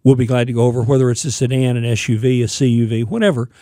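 Mellow-voiced man giving car advice. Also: mid-range voice, quick pace, no echo, studio quality. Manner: plainspoken, advice-giving, frequent fillers. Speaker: car-buying advisor, radio show regular. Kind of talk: casual radio talk.

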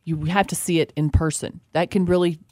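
A woman's voice: low voice, steady tone, a little fast, a little mellow, no echo. A woman co-hosting a car-buying radio show, chatty and bantering with her co-hosts. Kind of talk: casual radio talk.

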